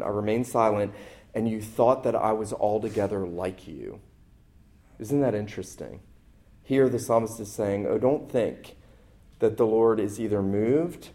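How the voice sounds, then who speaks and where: A man preaching a sermon, rising in force on key phrases and slowing down to stress quoted verses. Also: lowish voice, dark tone.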